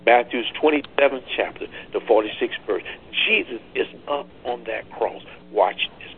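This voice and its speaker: A man preaching a Bible study, drawing answers from listeners and rising from low teaching to loud cries. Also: normal speed, gravelly, a little hiss or hum. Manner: repeats words and phrases. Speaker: pastor leading Bible study. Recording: tinny phone-line call.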